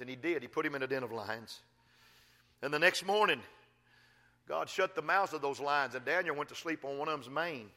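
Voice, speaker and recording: A man preaching a sermon, folksy and emphatic, rising to loud exhortations and dropping to quiet asides. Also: on the high side, a little fast. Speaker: pastor.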